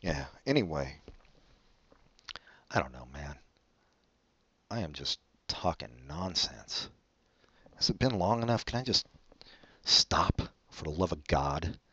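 A man's voice: rumbling low, lively intonation, measured pace, pauses often, fairly bright tone, breathy edge, no room sound, lo-fi sound. A man hosting a podcast on his own, rambling casually in a self-deprecating way and often trailing off. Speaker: podcast co-host. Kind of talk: rambling solo podcast chat.

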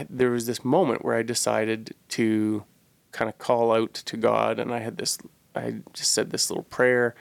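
A podcast co-host with a creaky, mid-range voice tells a personal story casually, earnest and reflective, searching for words as he goes. The recording is dry.

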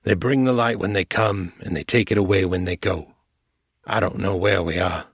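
A male narrator voicing a weary captive man who drawls in a deep bass voice. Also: fairly even intonation, moderate pace, dry recording, studio quality, heavily acted. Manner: drawling, gruff.

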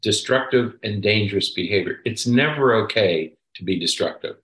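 This psychologist co-hosts a parenting podcast, offering casual advice in a lowish, fairly bright voice at normal speed. He speaks emphatically, repeating "okay?" to drive his points home. The recording is low quality and reverberant.

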